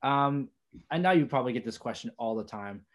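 Young male podcast host, mid-range voice, casual and halting. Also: mid-range voice, expressive. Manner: rambling, hesitant questions with many fillers. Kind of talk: casual interview questions.

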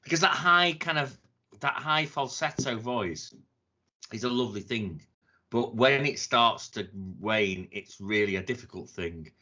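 An excitable man talks in a casual podcast chat, his pitch leaping up and down as he rambles and restarts. His voice has a bright, forward edge. The recording sounds dull and lo-fi. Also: measured pace. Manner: enthusiastic, swearing, rambling with restarts. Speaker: podcast co-host.

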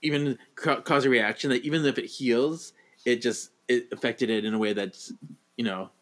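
A man's voice: mid-range voice, steady tone, moderate pace, fairly bright tone. A man co-hosting a casual movie podcast who chats animatedly, laughs a lot and acts out lines in quoted voices. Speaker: podcast co-host.

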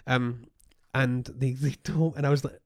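A man co-hosting a podcast, telling stories in a rambling, animated way with lots of restarts. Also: medium pitch, a little slow, dry recording, clean studio sound. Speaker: podcast co-host. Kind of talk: casual chat.

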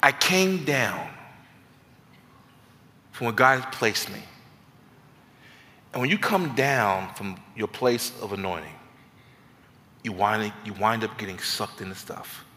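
A man preaching as a guest pastor, telling comic stories in an animated, self-mocking, conversational way. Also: fairly low pitch, slow, pauses often, big-room sound. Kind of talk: sermon with comic storytelling. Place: church sanctuary.

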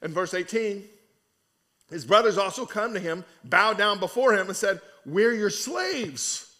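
A man preaching a conversational sermon in an animated, colloquial way. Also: high-pitched, moderate pace.

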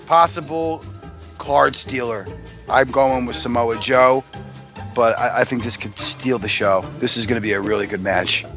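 A man co-hosting a wrestling podcast in casual chat, blunt and quick to get angry. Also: medium pitch, a bit bright, soft background music. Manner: blunt, gruff, the angry one. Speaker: podcast co-host.

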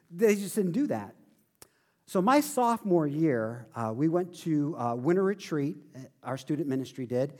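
A male pastor preaching a sermon, telling a story with animated, self-deprecating humor. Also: a little high.

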